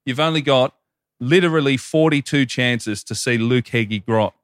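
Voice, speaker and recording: A man's voice: medium pitch, normal speed, no echo, clean studio sound. An Australian man co-hosting a podcast, chatting and reading listener messages aloud in an upbeat way. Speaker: podcast co-host.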